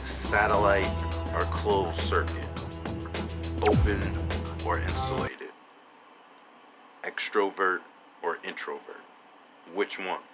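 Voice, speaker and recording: A man's voice: sits low, fairly even intonation, slow pace, pauses often, low-quality recording. A man doing gameplay commentary, rambling in absurd stream-of-consciousness musings full of rhetorical questions. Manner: rhetorical questions, drops to a whisper at times. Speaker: let's play commentator. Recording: loud music under the voice. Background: loud music.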